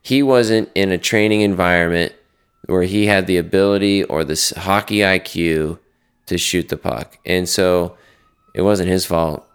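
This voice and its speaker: A man's voice: deep voice, steady tone, a little slow, clear, resonant tone. A man who coaches hockey, co-hosting a podcast and earnestly telling a story from the bench. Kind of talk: casual podcast chat and storytelling.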